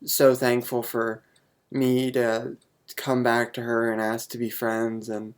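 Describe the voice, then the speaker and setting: Young man vlogger, unsure and halting, earnest, wears his heart on his sleeve. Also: mid-range voice, completely flat delivery, clean tone. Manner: hesitant, halting, full of ums; earnest and openly emotional. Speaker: vlogger answering viewer questions. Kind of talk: casual chat to camera.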